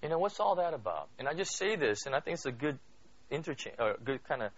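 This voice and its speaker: A man's voice: mid-range voice, very animated, fast talker, slightly rough. A man giving a conversational Bible study sermon, asking listeners questions and filling his talk with "you know" and "right?". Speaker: Bible teacher. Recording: dull lo-fi dry recording.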